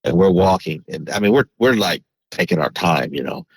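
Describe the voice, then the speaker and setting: A man's voice: sits low, animated, normal speed, breathy edge, no room sound, low-quality recording. A man, a podcast guest, telling a personal story in a rambling casual way, with many restarts and fillers.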